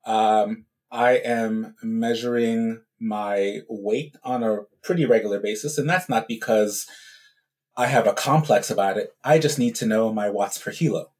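A man who is a guest on a podcast, talking casually about his amateur cycling in a relaxed, chatty way, often checking in with "right?". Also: fairly low pitch, measured pace. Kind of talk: casual interview talk.

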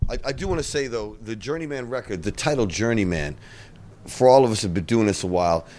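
A low-voiced man talks quickly as host of a casual chat. He sounds laid-back and encouraging, and he swears freely. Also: animated, a little mellow, a little hiss or hum.

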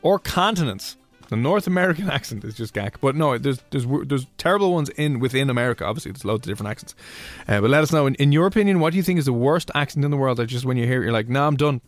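A man from Ireland co-hosting a radio show, chatting casually and joking with quick asides. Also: medium pitch, animated, dry recording, soft background music. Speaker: radio co-host. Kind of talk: casual chat.

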